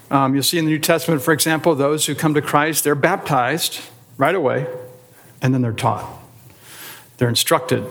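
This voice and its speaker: A man, a pastor, teaching an adult Sunday school class in a deliberate way, stressing words in short listed phrases and asking rhetorical questions. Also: on the high side, fairly bright tone.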